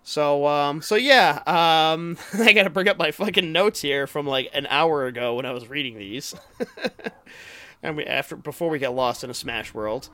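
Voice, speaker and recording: A man's voice: on the high side, moderate pace, pushed and bright, clean tone. A man hosting a casual podcast with friends, swearing freely and laughing so hard he is out of breath. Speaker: podcast host. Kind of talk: casual chat.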